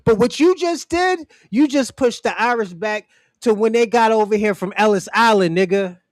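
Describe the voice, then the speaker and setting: Ranting loosely on his livestream, a man mocks and swears, often cracking up with laughter. He speaks at a moderate pace in a voice pitched high for a man, close and dry with no room sound.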